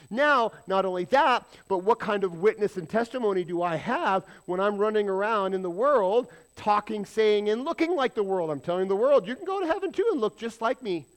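Pastor guy preaching, high voice, lots of questions to the crowd, gets real quiet and intense sometimes. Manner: emphatic preaching, rhetorical questions to the congregation. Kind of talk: sermon.

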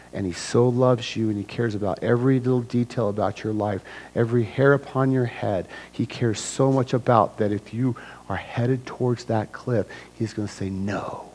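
A male pastor delivering an animated sermon. He swings between big, almost shouted bursts when he acts things out and quiet, low-voiced stretches when he gets serious. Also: a little hiss or hum, low-quality recording. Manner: animated, acts out scenes with sudden loud bursts; drops to a hushed low voice for serious points.

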